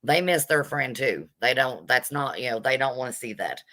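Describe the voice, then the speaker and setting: A woman's voice: rumbling low, very animated, normal speed, pushed and bright. A woman doing a live commentary rant, greeting her viewers between blunt, indignant remarks. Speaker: vlogger.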